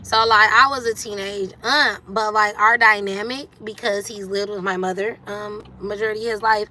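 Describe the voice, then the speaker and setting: Woman, livestream host; candid, chatty storyteller with a bright voice. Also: fairly even intonation, normal speed, a little hiss or hum. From Detroit, USA. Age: 30s. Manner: candid and chatty, acting out quotes with sudden jumps up in pitch. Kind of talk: casual storytelling chat.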